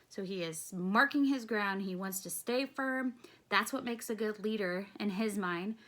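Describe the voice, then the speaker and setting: A teacher reads through a play and stops to explain the story in plain, casual words. Her voice sits at an ordinary middle pitch, and she talks the way she would to a class. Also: measured pace, fairly bright tone.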